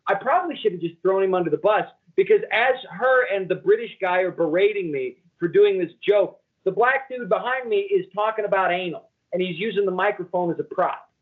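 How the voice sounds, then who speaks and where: Casting: high-pitched man, crude animated storyteller, phone-line sound. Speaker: comedian podcast co-host. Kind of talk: casual podcast chat, storytelling.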